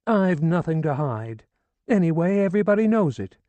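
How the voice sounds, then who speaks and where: A grieving, indignant old woman, put on by a male narrator in a high, mellow voice. She laments and then berates with fierce scorn, in a close, dry audiobook read. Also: unhurried, no echo, muffled recording. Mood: indignant tirade. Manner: wailing, then scolding and indignant. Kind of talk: audiobook character reading.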